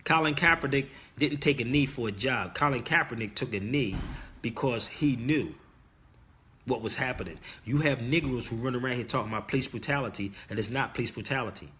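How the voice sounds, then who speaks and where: Brisk and sharp at medium pitch, this middle-aged livestream host's voice carries a slight hiss or hum. He preaches casually at his viewers, pressing his points emphatically and circling back to the same key words like a sermon.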